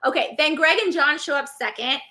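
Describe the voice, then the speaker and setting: A woman co-hosting a casual recap chat, chatty and self-deprecating, with quick asides. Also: sits high, pushed and bright. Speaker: co-host, former race winner.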